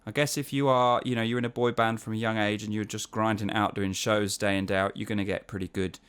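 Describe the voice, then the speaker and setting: A man's voice: on the low side, little pitch movement, fast talker, fairly bright tone, smooth. A man teaching singing in a casual, chatty way. He explains technique, then sings short vocal exercises to demonstrate. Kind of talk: online singing lesson answering viewer emails.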